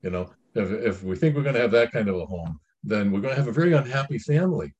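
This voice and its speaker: A man's voice: on the low side, expressive, quick pace, darkish tone, highs cut off. A middle-aged man giving informal Christian family counsel. He comments on a reading in a rambling, folksy way, with many restarts and asides.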